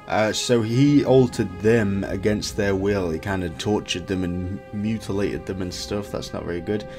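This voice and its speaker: A man's voice: on the low side, steady tone, normal speed, hardly any pauses, music in the background. Chatty man narrating a game playthrough. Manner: chatty, laughs at his own slips. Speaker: gaming video host.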